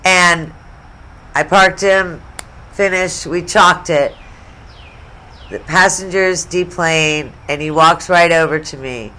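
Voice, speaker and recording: Middle-aged woman, lower-pitched, casual and profane vlogger, chatty sports talk with side asides. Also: fairly even intonation, slow pace, long pauses, sharp tone. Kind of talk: casual storytelling vlog.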